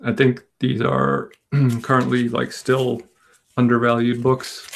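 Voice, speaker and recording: Gravelly-voiced man hosting a comic auction. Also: medium pitch, little pitch movement, slow pace. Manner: rambling, self-deprecating, joking. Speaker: comic shop auction host. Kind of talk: casual live-stream auction chat.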